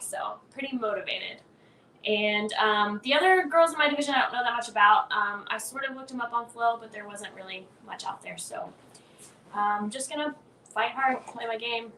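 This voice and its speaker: A woman competitor talking in a chatty, animated way and laughing easily. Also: a little high, slight background noise. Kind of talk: casual chat. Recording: echoey, distant mic with faint ambience.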